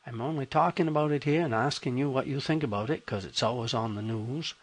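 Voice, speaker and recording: A man's voice: mid-range voice, a little fast. A man hosting a radio program, talking to listeners in a folksy monologue with dry, wry humor. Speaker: radio host.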